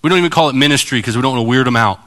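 A man's voice: medium pitch, very fast. A man preaching a sermon as pastor, direct and challenging, acting out voices as he tells stories. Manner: animated storytelling, acting out voices.

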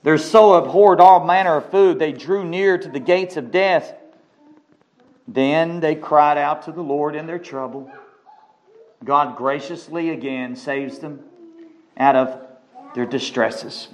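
A man's voice: on the high side, slow, pauses often. A man preaching a sermon, emphatic, repeating key phrases and asking for amens.

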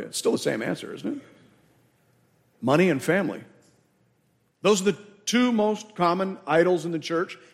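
A man preaching a sermon as pastor, emphatic, repeating key words and asking the congregation questions. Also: on the high side. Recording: long hall reverb.

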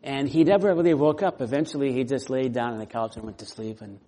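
A man's voice: mid-range voice, fairly even intonation, fast, mellow. A man preaching a sermon with earnest, conversational delivery and personal stories. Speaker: pastor. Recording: long hall reverb.

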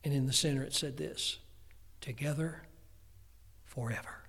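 With a mid-range, breathy-edged voice at normal speed, an older pastor preaches a sermon. Family stories carry it, told in a lively way with humorous asides, and long hall reverb colors the audio.

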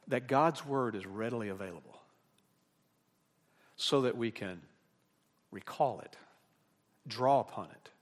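A man preaching an expository sermon as pastor, rising to emphatic peaks and dropping into relaxed, joking asides. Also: mid-range voice. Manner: animated preaching that rises in emphatic bursts, with asides.

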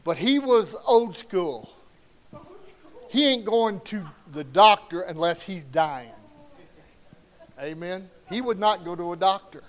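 Middle-aged man, sermon, folksy, unhurried, swings from quiet to loud. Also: sits high, lively intonation, a little hiss or hum. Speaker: preacher.

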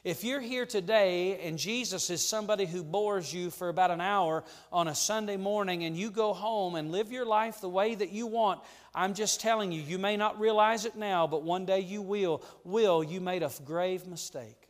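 A male pastor preaching a sermon, fervent and preacherly, dropping to a hush and then rising to a ringing call. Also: high-pitched, normal speed, hardly any pauses. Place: church sanctuary. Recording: long hall reverb in a church.

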